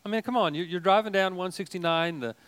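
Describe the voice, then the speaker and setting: An older male pastor delivers a sermon in a folksy, animated manner. He mixes humorous asides into his teaching, and his voice sits a little higher than most men's. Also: quick pace, smooth.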